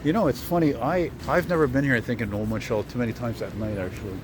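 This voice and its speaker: Here a vlogger with a medium-pitched voice talks quickly while strolling the city at night, camera in hand. His chatter wanders and he's easily amused, all over a noisy outdoor street backdrop.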